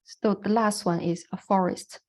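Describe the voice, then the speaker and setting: A woman's voice: mid-range voice, fairly even intonation, moderate pace, darkish tone. A woman with a Chinese accent, a non-native English speaker, giving an online lecture on the Chinese language in a patient, explanatory way with frequent fillers.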